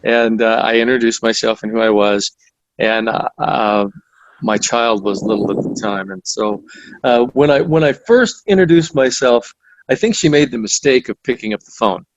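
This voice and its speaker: A man's voice: mid-range voice, moderate pace, lo-fi sound. A man, the guest author, recounting stories in conversational interview style, with frequent restarts and fillers. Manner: storytelling with many restarts and fillers.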